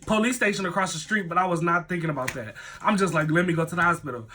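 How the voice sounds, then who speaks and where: Guy with AAVE doing a storytime vlog, high bright voice, super animated, cusses a lot. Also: fast. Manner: animated, swears often, acts out quoted voices. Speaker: vlogger telling a story. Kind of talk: casual storytime to camera.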